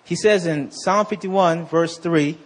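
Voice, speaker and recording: Male pastor, preaching style, husky and high-pitched, animated delivery with slow scripture reading and call-and-response with the crowd. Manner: calls out to the congregation for responses. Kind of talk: sermon.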